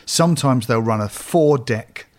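A man with an average-pitched voice hosts a podcast conversation. He thinks aloud in an analytical way, restarting phrases as he builds his point. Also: a little slow. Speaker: podcast host.

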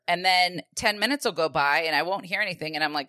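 A woman with a fairly low voice co-hosts a podcast in casual chat. She tells her story in an animated way, jumping into the voices of the people she quotes. The sound is dry and close. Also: fast talker, hardly any pauses, dry recording. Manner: animated, acts out quoted dialogue, swears casually. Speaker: podcast co-host.

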